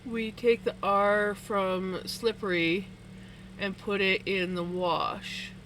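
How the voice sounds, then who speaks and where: Woman, streamer, slow and bright, laughs a lot between words; easygoing live chat. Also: medium pitch, flat delivery, slight background noise, poor audio. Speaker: livestreamer. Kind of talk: casual chat with viewers while spinning wool. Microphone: streaming setup.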